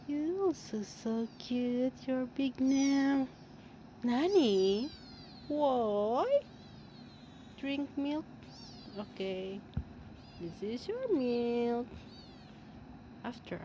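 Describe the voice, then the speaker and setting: Slow, cooing woman talking to kittens. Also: high voice, slight background noise. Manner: cooing, slow, playful, laughing often. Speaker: vlogger filming her cats. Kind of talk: casual baby talk to kittens. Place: home with many cats. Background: kittens meowing.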